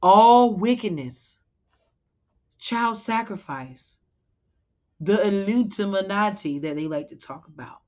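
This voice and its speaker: A woman preaching to a gathering of women in a loose, conversational way, pausing to double-check a verse before pressing on. Her voice sits at an ordinary pitch for a woman. The recording is a little dull and muffled. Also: lively intonation, darkish tone. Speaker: women's teacher in a religious congregation. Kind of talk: informal sermon to women.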